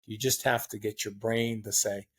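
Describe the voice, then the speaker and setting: A man in his sixties chatting as a podcast guest, telling long rambling stories in a relaxed, anecdotal way. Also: lowish voice, normal speed. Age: 60s. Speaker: guest marathon runner. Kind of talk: casual interview chat.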